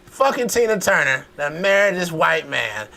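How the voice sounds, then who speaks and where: Lively man, animated chat. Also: on the high side, moderate pace, gravelly. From Alabama. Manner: animated storytelling, laughing, acts out quotes. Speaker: podcast host. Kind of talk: casual chat.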